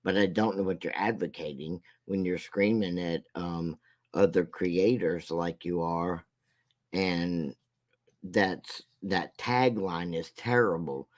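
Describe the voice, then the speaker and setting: A man with a fairly low voice talks very slowly through a casual commentary rant. He rambles and mocks, stopping and restarting his sentences as he goes. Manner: slow, rambling and mocking, with halting restarts. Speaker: commentary vlogger.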